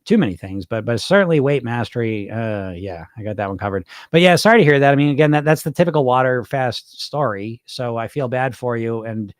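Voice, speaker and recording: Play him as a casual middle-aged weight coach, rambling and swearing loosely. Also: male voice, mid-range voice, no room sound, studio quality. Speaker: weight loss coach hosting a live stream. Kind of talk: casual live-stream chat reading viewer comments.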